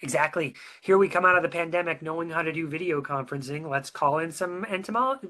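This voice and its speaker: A webinar co-presenter telling a story in a casual, chatty way, filling pauses with um and uh and asking the listener questions. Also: mid-range voice. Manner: chatty and animated, many um and uh fillers, asks the listener questions.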